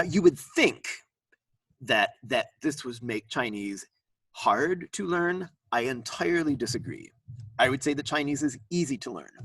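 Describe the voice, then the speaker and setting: A male lecturer talks slowly and playfully, his pitch swooping up and down as he sings out examples. His voice has a slight husk. It is recorded dry, from a mic set some distance away. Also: slightly rough, no room sound. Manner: animated, sings out tones, playful asides. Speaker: university lecturer.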